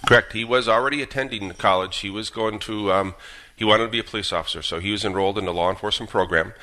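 A man in his fifties from Minnesota, a father telling his story as a guest on a radio show, earnest and steady with some fillers. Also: on the low side, quick pace. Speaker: guest, Gold Star father. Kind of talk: radio interview, personal story.

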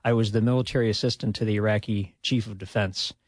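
A man's voice: on the low side, fast talker, no room sound. A man, a retired army officer talking modestly in a radio interview, chuckling often. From Minnesota, USA. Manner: relaxed and modest, chuckles often, many "uh" fillers.

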